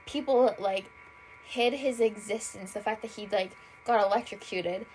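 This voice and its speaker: A woman's voice: mid-range voice, moderate pace, a little mellow, soft background music, rough recording. A young woman hosting a solo podcast, rambling in casual chat with constant fillers and frequent swearing. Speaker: podcast host. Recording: faint background noise.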